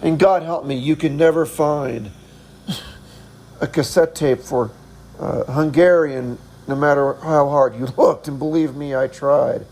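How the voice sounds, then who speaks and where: A man's voice: a little high, fairly even intonation, slow, a little mellow, a little hiss or hum, poor audio. A middle-aged man telling a travel story in a casual, rambling way, chuckling often and poking fun at himself. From United States. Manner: chuckling, self-deprecating, rambling. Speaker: vlogger.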